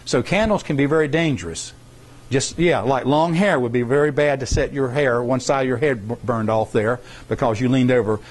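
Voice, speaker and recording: A middle-aged man leads a science competition workshop in a folksy, rambling way. He circles back and repeats his points to make them stick. His voice sits at an ordinary middle pitch. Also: normal speed. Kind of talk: informal classroom explanation.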